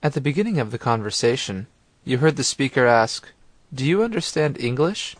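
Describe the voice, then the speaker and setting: A man reads a language lesson in a calm, clear voice, guiding the listener step by step. His pitch sits in the middle range, and the recording is dry and close, with no room sound. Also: moderate pace, no room sound. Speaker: language course narrator. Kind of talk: scripted instructional narration.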